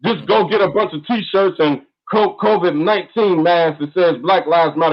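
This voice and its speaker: Brief: man, fervent and repetitive, pitched a bit high, muffled online-call audio. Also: normal speed, hardly any pauses. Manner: fiery, repetitive, emphatic outbursts. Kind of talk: impassioned call-in talk.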